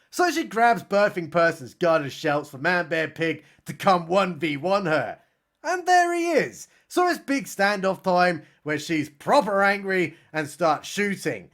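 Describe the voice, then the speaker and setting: A man's voice: high voice, very animated, a bit bright. A man giving a sarcastic, mocking comedic recap of a film. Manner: sarcastic, mocking, does quick voices for characters. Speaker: film reviewer.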